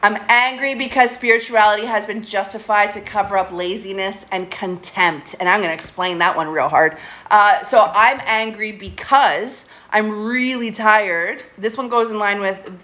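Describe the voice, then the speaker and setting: With a sharp tone in a mid-range voice, an aging adult woman runs a casual home live stream with her pet around. She talks candidly, swears frequently, and laughs between her thoughts.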